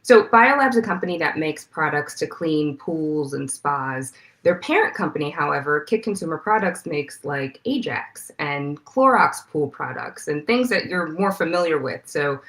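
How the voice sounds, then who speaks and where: Female reporter guest, low voice, clear and steady explainer. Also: moderate pace. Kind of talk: interview answers.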